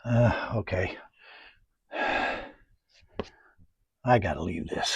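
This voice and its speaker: A man teaching oil painting, rambling through folksy anecdotes and muttering softly to himself while he paints. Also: medium pitch, unhurried, long pauses, breathy edge, no echo. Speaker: painting instructor. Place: painting studio.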